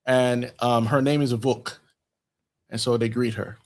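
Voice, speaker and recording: A man's voice: mid-range voice, steady tone, measured pace, a little mellow. A man hosting a podcast, talking casually through a film's plot and reading out its dialogue in his own voice, with many fillers. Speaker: podcast host. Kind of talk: casual film commentary, reading out scenes.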